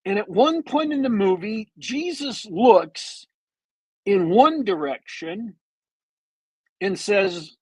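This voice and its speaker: A man on a podcast with a bad cold, retelling a movie plot as a meandering, detailed storyteller with long pauses. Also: sits high, animated, a little mellow, husky, no room sound, low-quality recording. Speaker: podcast co-host.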